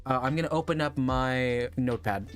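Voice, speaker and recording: A man's voice: mid-range voice, normal speed, faint music behind. A man streaming casually, thinking aloud and rambling as he works. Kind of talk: casual livestream chat.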